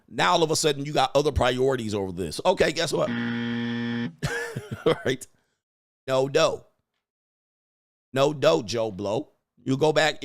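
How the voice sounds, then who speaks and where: A man's voice: mid-range voice, no room sound, clean studio sound. A man hosting a livestream, talking bluntly and crudely about business partners and laughing at his own jokes. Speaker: livestream host. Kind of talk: casual livestream rant.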